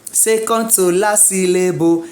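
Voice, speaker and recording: A woman's voice: medium pitch, fairly even intonation, a little slow, darkish tone, slight background noise. Woman drilling stress rules. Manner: chants suffixes in a singsong, drills word lists. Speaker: English teacher. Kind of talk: exam-prep lesson.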